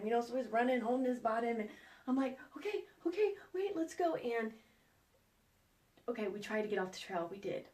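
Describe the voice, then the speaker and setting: A woman in her forties explains outdoor skills in a casual, chatty way. Her voice sits a bit high, and she tells stories with animated energy and the odd light laugh. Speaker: outdoor educator and biologist. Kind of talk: casual how-to talk with a personal story.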